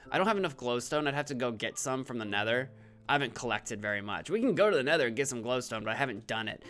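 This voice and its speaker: A man's voice: medium pitch, fairly bright tone. Chatty man streaming a game, faint music. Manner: chatty, self-deprecating, reads chat aloud. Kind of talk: live-stream gameplay commentary.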